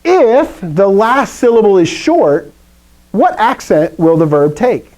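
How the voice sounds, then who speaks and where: A man's voice: high voice, sing-song, takes it slowly, a little mellow, poor audio. A man teaching a Greek class, explaining rules playfully and asking his students questions. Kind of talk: live classroom lesson.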